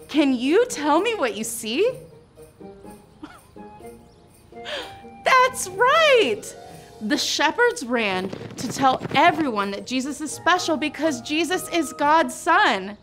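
Young woman host of a preschool Bible show, high, sunny voice, unhurried and playful, light music underneath. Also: very animated, fairly bright tone. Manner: exaggerated, playful, cheering on young children.

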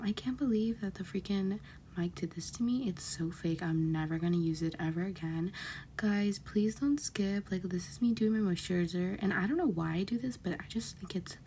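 Low, mellow young woman's voice-over. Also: a little hiss or hum. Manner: casual, chatty, filler-heavy. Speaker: vlogger. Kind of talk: voice-over narration.

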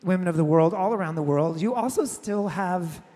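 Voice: medium pitch, moderate pace, dark tone, big-room sound. An interviewer asking long, curious questions in a live on-stage interview. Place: large event hall with audience.

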